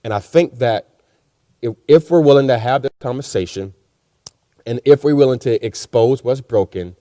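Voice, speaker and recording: A man's voice: medium pitch, normal speed, mellow, no echo, studio quality. A man speaking as a panelist in a discussion, earnest and encouraging, with many repeated words.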